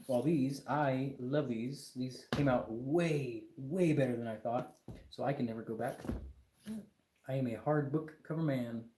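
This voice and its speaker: A man's voice: medium pitch, unhurried, background noise. Ranting man on a livestream, echoey room. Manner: emphatic, ranting, with exasperated repetition. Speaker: livestream host. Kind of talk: casual livestream chat.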